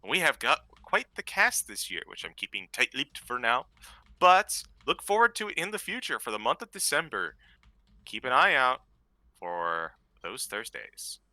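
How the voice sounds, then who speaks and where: A man's voice: medium pitch, very animated, moderate pace, pushed and bright, no echo. A man making announcements to the audience in a playfully dramatic way. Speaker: player announcing a campaign. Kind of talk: casual stream announcement.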